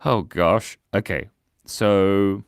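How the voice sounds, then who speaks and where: A man's voice: sits low, steady tone, drawn-out words, clear, resonant tone. A young Australian man hosting a live drawing stream, chatting playfully and laughing as he reads out viewer comments.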